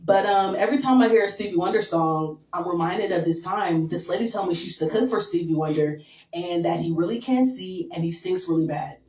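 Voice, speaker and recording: A young woman doing a stand-up set, crude and deadpan, with lots of "um" and "like". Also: lowish voice, fairly quick. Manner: crude, deadpan, filler-heavy. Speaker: stand-up comedian. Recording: echoey room from far off.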